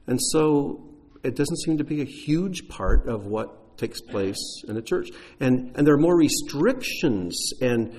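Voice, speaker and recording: Medium in pitch and a little mellow, a man serving as pastor answers questions from his congregation. His manner is casual and explanatory, with fillers and restarts throughout.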